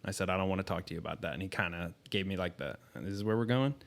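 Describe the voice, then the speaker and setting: A man as a podcast guest, telling a candid, profane story in a casual, halting way with frequent ums. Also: deep voice, creaky.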